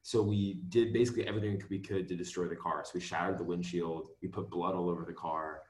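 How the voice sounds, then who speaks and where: Deep-voiced guest man, far from mic. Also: fast talker. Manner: explaining calmly, checks in with "right?". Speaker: music video director, guest. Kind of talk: casual conversation. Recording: distant, roomy mic.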